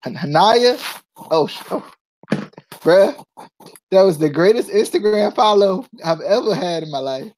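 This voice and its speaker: A man's voice: high voice, lively intonation, unhurried, pauses often, darkish tone, rough recording. A man chatting casually on a wrestling podcast, playful and loose. He stumbles and restarts often, laughing at himself, with a faint hiss of noise under his voice. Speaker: podcast co-host. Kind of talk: casual wrestling review chat.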